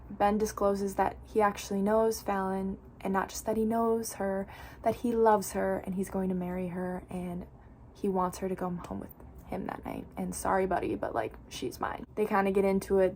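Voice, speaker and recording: A woman's voice: mid-range voice, darkish tone, slight background noise. A young woman casually recapping a novel for her channel, chatty and full of "like.". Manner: chatty, fills speech with "like". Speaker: book vlogger.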